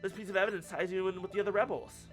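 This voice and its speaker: A man's voice: high-pitched, fairly even intonation, racing, soft background music, close to an everyday voice. A man reading the lines of an earnest young male defense lawyer in a video game, pressing with questions.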